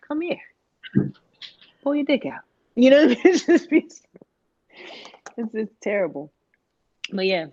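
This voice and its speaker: A woman's voice: fairly low pitch, warm tone, no room sound, muffled recording. A woman co-hosting a casual podcast chat, talking in slangy, profane, rambling bursts. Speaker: podcast co-host.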